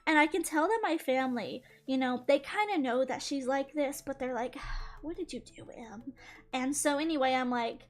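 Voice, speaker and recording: A young woman channel host chatting through a casual storytime while drawing, quick and full of "like". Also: high voice, faint music behind. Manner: chatty, fillers of "like", quick retelling with laughs.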